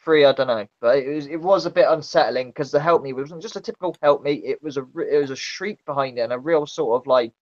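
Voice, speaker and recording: Animated man, dull lo-fi sound. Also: fairly high pitch, quick pace, hardly any pauses. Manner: animated storyteller, restarts and repeats. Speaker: guest, paranormal investigator. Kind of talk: casual conversation.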